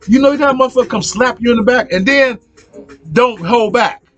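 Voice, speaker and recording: A middle-aged man telling stories in a casual podcast chat, profane and animated, often repeating his lines. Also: very high-pitched, moderate pace, dull audio, soft background music. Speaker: podcast host. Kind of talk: casual storytelling.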